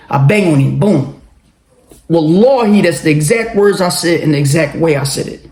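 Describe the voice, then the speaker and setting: A man telling his own story in a casual, animated monologue, swearing and laughing often. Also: a little high, moderate pace, roomy sound. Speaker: vlogger telling a personal story.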